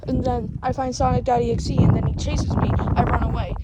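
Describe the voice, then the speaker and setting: A woman's voice: fairly high pitch, flat delivery, a little fast, very noisy. A woman rambling casually through a story, restarting often and acting out the quotes. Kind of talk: casual plot retelling.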